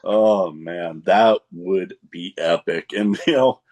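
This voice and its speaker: A male podcast host in easygoing conversation. He speaks at a slow, unhurried pace and laughs often. His stories wander through loose asides. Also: sits low, darkish tone. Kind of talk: casual interview chat.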